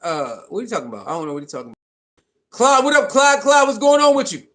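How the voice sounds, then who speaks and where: High voiced guy livestreaming, loose and repetitive, reading chat out loud. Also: fast. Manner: animated, repetitive, reads chat comments aloud. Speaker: livestream host.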